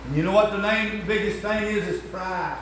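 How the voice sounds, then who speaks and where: An older man preaching a sermon, swinging from shouting to hushed storytelling. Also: high-pitched, a little fast, slight background noise. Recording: echoey room, distant mic.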